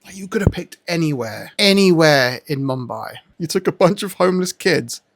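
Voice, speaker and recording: A man giving casual, joking reaction commentary, animated and prone to swearing. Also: on the high side, normal speed, dry recording, clean studio sound. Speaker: video reactor.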